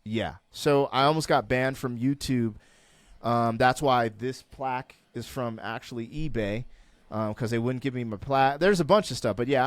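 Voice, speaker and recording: A middle-aged man talking candidly as a guest in a conversation, emphatic and animated, climbing to fervent peaks as he rants. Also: mid-range voice, no echo. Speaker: podcast guest.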